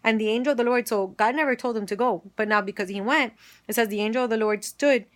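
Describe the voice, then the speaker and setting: A woman's voice: on the high side, quick pace. A woman teaching a Bible study, retelling scripture passages and quoting them, with frequent restarts.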